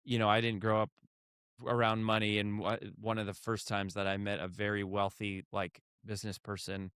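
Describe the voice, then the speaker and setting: A man hosting a podcast interview, relaxed, asking questions and sharing brief memories. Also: fairly low pitch, moderate pace, smooth, no room sound, studio quality. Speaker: podcast host. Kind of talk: casual interview.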